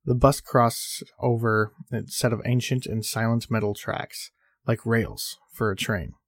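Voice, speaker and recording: A man hosting a podcast, narrating a horror story in a measured reading with small slips. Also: medium pitch, steady tone, no room sound, clean studio sound.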